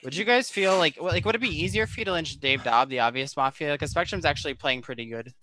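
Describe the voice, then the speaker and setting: A man's voice: fairly high pitch, fast talker, over a noisy crowd. An exasperated man pleading his case in a live party game, stammering on restarts and swearing. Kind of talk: heated game-table argument.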